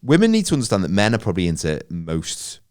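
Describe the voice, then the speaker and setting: A man's voice: low voice, wildly swooping pitch, quick pace. A man, co-hosting a podcast, reading out facts and joking about them. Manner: joking, reads facts then riffs. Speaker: podcast co-host. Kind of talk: casual chat, reading facts.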